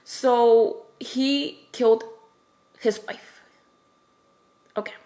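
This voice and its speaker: A woman's voice: on the high side, fairly even intonation, drawn-out words, mellow. A woman casually recapping a novel's plot for viewers, rambling with lots of fillers and restarts and acting out the characters' lines. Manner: acts out characters' quoted lines. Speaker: book reviewer. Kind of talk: casual spoilery book recap.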